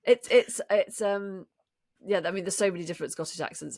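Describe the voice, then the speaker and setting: Brief: woman podcast co-host, mid-pitched, chatty and halting, dry sound. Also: a little mellow, dry recording. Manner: hesitant, full of restarts while explaining accents. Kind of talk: casual chat.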